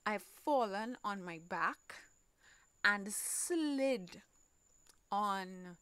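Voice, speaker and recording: A woman with a Trinidadian accent hosting a podcast, telling a personal story in a halting way, repeating words, swearing and sometimes dropping almost to a whisper. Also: mid-range voice, animated, fairly bright tone, clean tone, no room sound. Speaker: podcast host.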